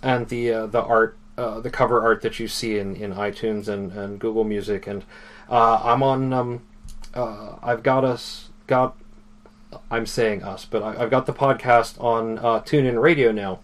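A man's voice: fairly low pitch, fairly even intonation, a little slow. A man hosting a podcast in casual chat, rambling with many fillers and restarts. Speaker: podcast host.

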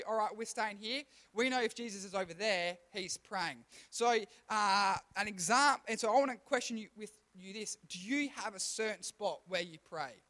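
Youth pastor, high voice, chatty slangy preaching with lively retold dialogue. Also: male voice. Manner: slangy, animated storytelling with quick asides. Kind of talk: casual youth sermon.

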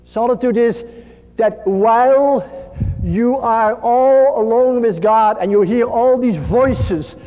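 A man giving a slow, earnest sermon as a priest, dropping to a soft hush on key phrases. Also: very high-pitched. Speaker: priest and spiritual speaker. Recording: dull lo-fi archive recording in a reverberant hall.

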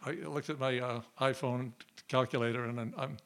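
A man telling a comic personal story on stage before a live audience, in a playful, animated way. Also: mid-range voice, normal speed, a little hiss or hum.

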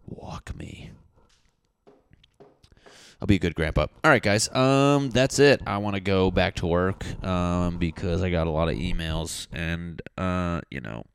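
A man's voice: deep voice, normal speed, hardly any pauses, clean tone, no echo, clean studio sound. A man talking casually to camera as a comedian, in a profane, teasing, mock-insulting rant. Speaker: comedian vlogger.

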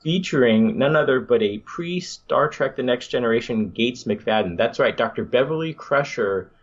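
A man's voice: mid-range voice, expressive, moderate pace, highs cut off. A man hosting a podcast, chatting casually and enthusiastically with some rambling restarts. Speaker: podcast host.

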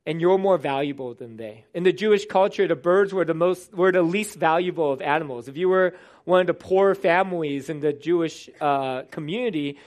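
A man's voice: high-pitched, a little mellow. A man preaching a sermon in an earnest, conversational way, with some restarts as he explains a passage. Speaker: pastor.

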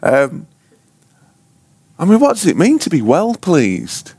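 A man's voice: on the high side, huge pitch swings, takes it slowly, darkish tone, slightly rough, no room sound. A man teaching a Bible class informally, rambling and joking, often breaking off mid-sentence. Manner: rambling, self-interrupting, joking. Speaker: ministry school teacher.

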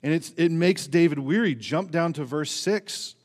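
A male pastor preaching a sermon in earnest, asking the congregation rhetorical questions and swinging between raised emphasis and hushed, low passages. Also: moderate pace. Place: church sanctuary. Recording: church sermon with long hall reverb.

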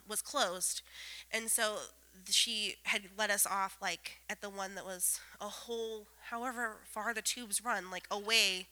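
Bright, animated woman telling a funny story. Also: fairly high pitch, low-quality recording. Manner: animated, swings from loud exclamations to hushed asides; comic self-mocking delivery. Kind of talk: telling a personal anecdote to a group.

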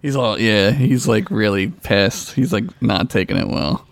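A man's voice: fairly low pitch, measured pace, creaky, no room sound. A man co-hosting a casual podcast, joking around, swearing and laughing often. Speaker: podcast co-host. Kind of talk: casual chat.

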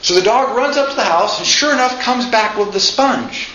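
In an echoey room with slightly dull sound and faint noise, a man lectures informally in a high-pitched, expressive voice with a sharp tone and a moderate pace. He's chatty, repeatedly checks in with "right?", and performs the quotes he cites.

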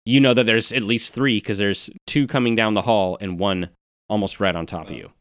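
A man narrating as game master of a tabletop game, relaxed and self-deprecating. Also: lowish voice, moderate pace, clear, resonant tone, no room sound, studio quality.

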